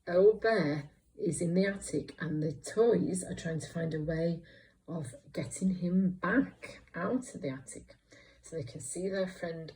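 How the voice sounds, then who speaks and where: A woman teaching a reading lesson to young children, speaking slowly and clearly and asking them encouraging questions. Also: on the low side, warm tone, rough recording. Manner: slow, clear and encouraging, with many questions to the listener. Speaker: primary school teacher.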